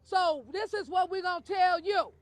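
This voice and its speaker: A man's voice: extremely high pitch, moderate pace, no room sound. A man leading a protest rally, emphatic and calling out chants for the crowd to repeat. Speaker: activist rally leader.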